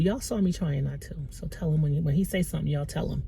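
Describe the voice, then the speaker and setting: A woman's voice: quick pace, gravelly, few pauses, slight background noise. A middle-aged woman and mother giving a heartfelt faith pep talk to the camera, conversational and tearful. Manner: warm, conversational, lively pitch swings with bursts of laughter. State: tearful, emotional. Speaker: mother and small business owner.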